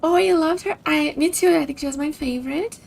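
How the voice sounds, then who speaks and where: High-voiced chatty woman streamer. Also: a little fast, vocal fry, a little mellow. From Brazil. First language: Portuguese. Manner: chatty, upbeat, giggly. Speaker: game streamer. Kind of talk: casual stream chat with game commentary.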